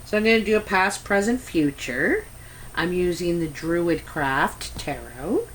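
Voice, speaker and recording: A Canadian woman talks through a tarot reading at an unhurried, drawn-out pace. Her voice sits a little low, and she rambles through asides and hesitations. A faint hiss of noise runs under the recording. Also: lively intonation, rough recording. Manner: slow, chatty and meandering, with many ums and asides. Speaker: tarot reader. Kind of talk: casual tarot reading to camera.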